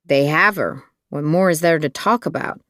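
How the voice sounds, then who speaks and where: A narrator voicing a calm, steady man on a tailing job in an audiobook thriller, speaking in short clipped lines. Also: mid-range voice, moderate pace, dry recording, clean studio sound, lightly acted.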